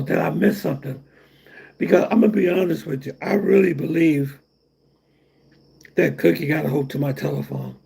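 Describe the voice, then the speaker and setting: A man's voice: on the high side, creaky, darkish tone, husky. A middle-aged man hosting a casual livestream, rambling and repeating himself while answering chat comments. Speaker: livestream host.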